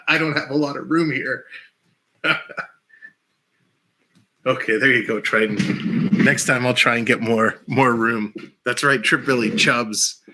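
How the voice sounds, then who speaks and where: A man's voice: medium pitch, slow, long pauses, pushed and bright. A man hosting a casual live stream, rambling enthusiastically and laughing often while talking through a headset mic in a small room. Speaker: livestream host.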